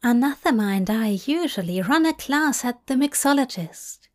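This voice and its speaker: Woman reading as soft-spoken Aziraphale. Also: sits high, lively intonation, normal speed.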